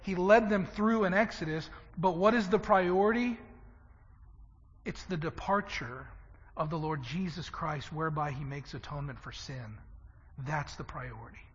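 A man preaching a sermon, swinging from loud emphatic lines to hushed ones. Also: a little high, normal speed, in a large hall, muffled recording. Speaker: pastor.

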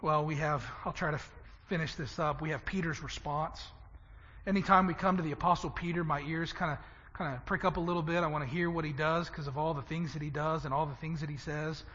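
A man preaching a sermon, swinging from loud emphatic lines to hushed ones. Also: fairly high pitch, steady tone, a little fast, long reverb tail, muffled recording. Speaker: pastor.

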